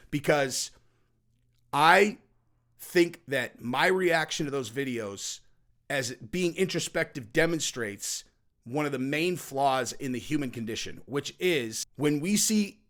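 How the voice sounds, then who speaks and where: A man's voice: fairly high pitch, a bit bright. A man hosting a podcast, giving an opinionated commentary monologue, emphatic and repetitive, acting out other people's reactions in quoted asides. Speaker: podcast host.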